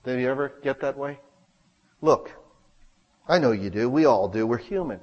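A man preaching a sermon as pastor, talking conversationally and swinging between loud emphasis and hushed asides. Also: medium pitch, expressive, moderate pace, long reverb tail, lo-fi sound.

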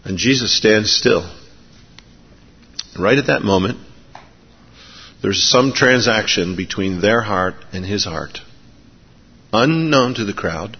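A man preaching a sermon, sometimes acting out the people in his story in raised, animated voices. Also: lowish voice, takes it slowly, pauses often, breathy edge. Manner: acts out biblical characters in lively raised voices. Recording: dull recording in a reverberant hall.

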